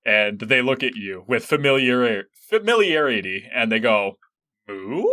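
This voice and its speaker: A man's voice: mid-range voice, animated, moderate pace, pushed and bright. A man narrating as game master of a tabletop game, loose and full of fillers.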